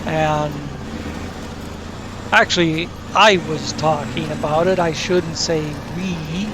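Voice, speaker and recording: Man, gaming host, unhurried rambling commentary, slightly high voice, engine noise under him. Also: steady tone. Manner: rambling, self-correcting, crude asides.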